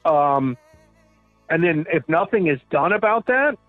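A man calls in to a radio show as a guest commentator, exasperated and rambling, with many "you know"s. His fairly high voice is thin and tinny on the phone line, with faint music under it. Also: animated, measured pace, no room sound. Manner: exasperated, rambling, lots of fillers.

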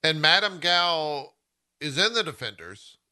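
A man with a fairly high, very bright and sharp voice talks eagerly in casual podcast chat. He explains things with restarts. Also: very animated, measured pace. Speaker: podcast co-host.

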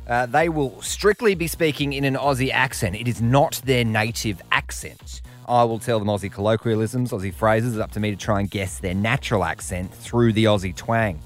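Chatty, jokey male radio host. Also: lowish voice. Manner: jokey, chatty, puts on voices. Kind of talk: casual radio talk.

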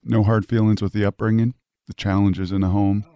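A middle-aged man from Washington State hosting an interview, telling stories in an animated, emphatic way. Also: lowish voice, fairly quick, dry recording. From Puyallup, Washington, USA. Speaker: host. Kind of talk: conversational storytelling interview.

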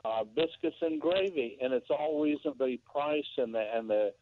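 A man's voice: fairly high pitch, moderate pace, dry recording. An older man calling into a radio show, rambling and hunting for words as he chats. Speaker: radio caller. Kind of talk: call-in chat. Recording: tinny phone line.

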